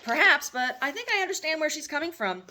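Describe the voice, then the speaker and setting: A woman's voice: sits high, expressive, fast talker, pushed and bright, voice pushed up. A woman voicing a middle-aged mother who frets and scolds in a fussy, motherly way.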